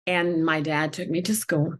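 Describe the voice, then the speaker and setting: Woman guest, first language not English, deep voice, earnest and emotional storytelling. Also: little pitch movement, unhurried, a little hiss or hum. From not from the country where she went to school. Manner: earnest, tearful at times, many fillers. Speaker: guest executive.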